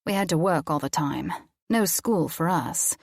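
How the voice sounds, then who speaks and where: Brief: a woman doing a reserved young male angel, low and curt, gravelly edge. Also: measured pace, no echo, studio quality, exaggerated voice. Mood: matter-of-fact.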